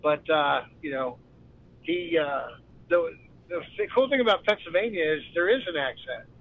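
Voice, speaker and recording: A male caller phones in to a talk show and talks in a relaxed, friendly way, pausing on "uh" as he goes. His voice sits a bit high, and it comes through a muffled, lo-fi line. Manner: laid-back, friendly, hesitant with fillers. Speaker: call-in guest. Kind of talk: casual phone-in chat.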